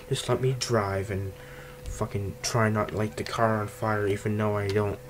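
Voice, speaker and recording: A man's voice: lowish voice, noisy background. A man giving casual gameplay commentary, ranting and swearing constantly, recorded on cheap earbuds.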